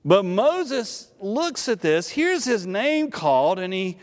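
A man preaching a sermon, telling a Bible story in an animated way and often repeating words as he restarts a thought. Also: sits high, slow pace, long reverb tail. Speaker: pastor.

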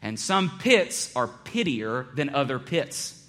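A man preaching a sermon to a congregation, joking one moment and hushed and earnest the next. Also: mid-range voice, takes it slowly. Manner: animated, joking, with big swings between loud and hushed. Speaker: pastor.

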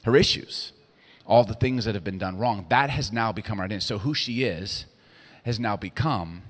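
A middle-aged man preaching a sermon, telling stories with lively swings from hushed to loud. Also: on the low side, normal speed. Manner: animated storytelling, swinging between hushed and loud. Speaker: pastor. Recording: long hall reverb.

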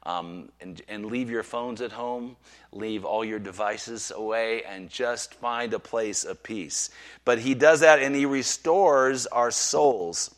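Man preaching a sermon. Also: mid-range voice. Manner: preaches with congregation call-and-response, slowing on scripture. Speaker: pastor.

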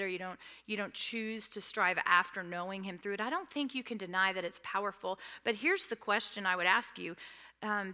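A middle-aged woman delivers a sermon. Her voice is bright and forward, and she keeps it conversational, teasing her listeners and putting questions to them. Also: medium pitch, clear, resonant tone. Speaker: women's speaker.

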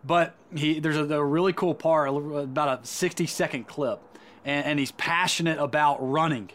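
A man preaching with earnest, emphatic conviction. His voice sits a little high for a man. He often stumbles back over repeated words as he presses his point. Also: normal speed, a bit bright. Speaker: Christian speaker. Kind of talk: sermon.

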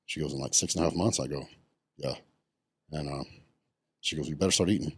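A man's voice: a bass voice, a little fast, husky, no room sound. A middle-aged man, telling his story bluntly in a casual podcast interview, swearing often. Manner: blunt and profane, many ums. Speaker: podcast guest, retired bodybuilder.

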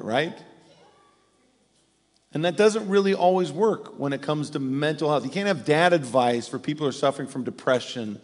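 Middle-aged male pastor, fairly high voice, casual sermon delivery, long church reverb. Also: normal speed. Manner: conversational, animated when acting out quotes. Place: church sanctuary.

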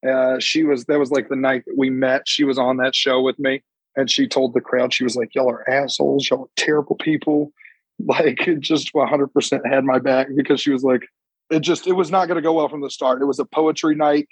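Young man, comedian, husky voice, animated storytelling, dry close mic. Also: mid-range voice, no echo, poor audio. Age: young adult. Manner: animated, acts out quotes with quick bursts. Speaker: stand-up comedian. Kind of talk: casual storytelling chat.

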